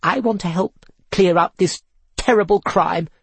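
A man reading a story aloud and voicing a scheming young woman who gushes with false concern in a low, breathy voice. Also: unhurried, a bit bright, no echo, full character voice. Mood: syrupy, gleeful. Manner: gushing, syrupy, mock-sympathetic.

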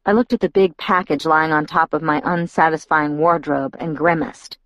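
Woman reading a first person novel, dry close mic, thoughtful even delivery. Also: sits low, normal speed, few pauses, no echo. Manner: inward, reflective storytelling. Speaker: audiobook narrator.

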